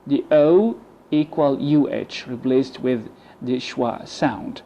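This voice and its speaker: Male English teacher, dark voice, patient word-by-word drilling, lo-fi recording. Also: mid-range voice. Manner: repeats model words slowly, switching between English and Arabic. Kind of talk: pronunciation lesson. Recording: dull lo-fi sound.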